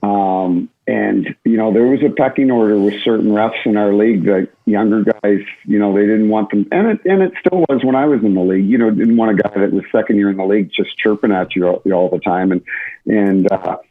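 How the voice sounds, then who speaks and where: A man's voice: fairly low pitch, a little fast, narrow, tinny audio. A man, a former referee, joins a podcast as a guest and talks over his career in an easygoing, reflective way. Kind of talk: casual podcast chat.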